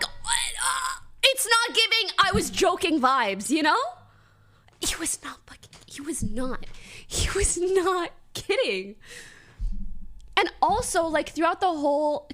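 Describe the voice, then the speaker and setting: Young woman streamer, high and lively voice, giggly casual storytelling to her chat. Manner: giggly, animated storytelling with lots of laughter.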